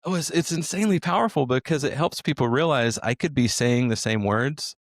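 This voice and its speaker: A man, a sales trainer appearing as a guest, speaking with emphasis and slowing down to stress his points. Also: medium pitch, dry recording, studio quality. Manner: emphatic, deliberate, repeats words for stress. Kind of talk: conversational interview.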